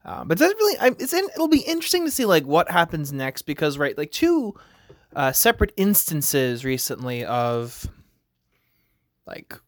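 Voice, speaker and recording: A US man hosts a podcast, rambling casually on his own and leaning hard on fillers like "like" and "you know." His voice sits on the high side with a sing-song lilt at normal speed. The recording is dry and clean, with studio sound.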